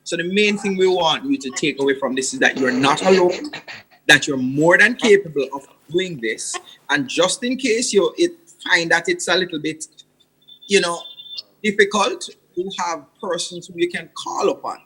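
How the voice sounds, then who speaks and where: Bright, husky Jamaican man speaking earnestly. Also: fairly high pitch, animated, moderate pace, rough recording. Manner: earnest, repetitive emphasis. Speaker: podcast guest, father. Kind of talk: earnest interview answers.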